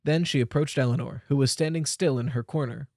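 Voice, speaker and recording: Young male audiobook narrator, middle-pitched, expressive, dry close mic. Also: fairly quick, no echo. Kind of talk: scripted narration.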